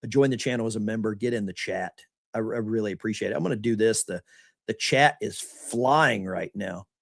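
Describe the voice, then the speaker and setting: A man's voice: fairly low pitch, a little fast, creaky, fairly bright tone, no echo, clean studio sound. A man hosting a live stream, giving mocking commentary on the news and talking straight to his chat.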